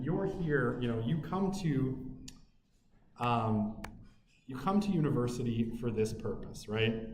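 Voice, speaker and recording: A man's voice: mid-range voice, warm tone, a little hiss or hum. A male university lecturer giving a casual classroom lecture, talking conversationally and often tagging his points with "right?" and "you know". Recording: echoey room with faint ambience.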